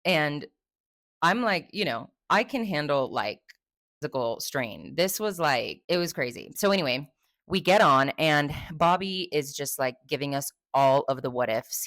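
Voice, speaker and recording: A woman's voice: deep voice, expressive, normal speed, a bit bright, no room sound, studio quality. A young woman from Texas, hosting a podcast and telling a story casually, chatty and swearing freely with many fillers. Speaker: podcast host.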